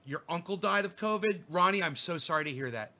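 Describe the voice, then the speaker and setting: A man's voice: high-pitched, lively intonation, a little fast, pushed and bright. A man delivering an angry, profane livestream rant, berating his audience in a confrontational way. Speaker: streamer. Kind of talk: ranting livestream monologue.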